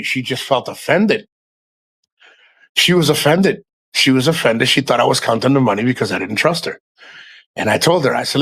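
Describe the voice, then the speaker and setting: Male livestream host, casual chat, blunt and profane, mid-pitched, loose rambling delivery. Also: gravelly, fairly bright tone. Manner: frank, heavy swearing, rambling asides to the chat.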